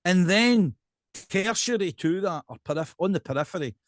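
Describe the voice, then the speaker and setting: A man with a Scottish accent, a podcast guest and pipe band drummer, chatting casually in an animated ranting way and often checking in with "right?". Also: sits high, normal speed, no echo.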